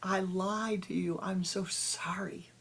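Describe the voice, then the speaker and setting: A tearful, remorseful young village girl pleading over and over, her voice dropping low and gravelly on the apologies, as a woman storyteller acts her out. Her delivery is slow and emphatic, every sorry pressed hard. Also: fairly even intonation, a bit bright, heavily acted.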